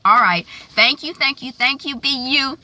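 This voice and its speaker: A woman recapping a TV episode in a chatty, animated way, full of fillers and asides. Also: on the high side, moderate pace. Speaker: TV recap vlogger. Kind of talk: casual recap and predictions.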